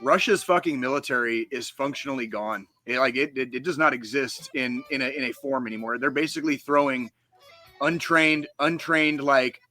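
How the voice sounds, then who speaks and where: Man, podcast co-host, bright forceful tone, fast swearing rants, music faint behind. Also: mid-range voice. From United States. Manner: profane, heated ranting. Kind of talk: casual podcast chat.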